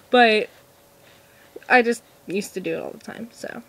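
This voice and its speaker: A woman's voice: fairly high pitch, animated, measured pace, long pauses, a bit bright. A seventeen-year-old girl answering viewer questions in a casual vlog, nervous and giggly, rambling with lots of restarts. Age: teens. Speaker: vlogger.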